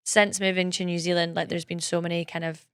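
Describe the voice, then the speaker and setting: A woman podcast host with a smooth, clear voice pitched a little low. She asks thoughtful, winding questions in a casual interview style, full of fillers. The sound is close and dry. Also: flat delivery, fairly quick, dry recording.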